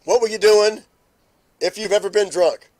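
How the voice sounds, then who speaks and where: Laughter repeatedly interrupts a middle-aged man as he greets viewers by name during his relaxed morning live stream. He keeps a moderate pace, and his voice sits high for a man.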